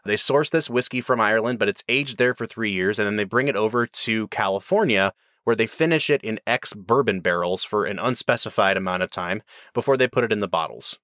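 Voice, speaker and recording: A man's voice: on the low side, a little fast, bright, forceful tone, dry recording, clean studio sound. A man hosting a whiskey review, explaining and chatting in an enthusiastic, rambling way. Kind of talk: casual review chat.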